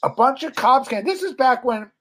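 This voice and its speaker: A man's voice: very high voice, animated, moderate pace, a bit bright. A middle-aged man and former metal guitarist, telling rambling, profane party stories in casual chat and acting out the people he quotes.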